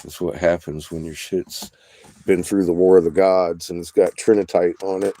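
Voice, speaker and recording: Low, dark-voiced man ranting excitedly. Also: normal speed. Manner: profane, excitable, conspiratorial rambling. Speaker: vlogger showing rocks. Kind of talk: rambling casual monologue.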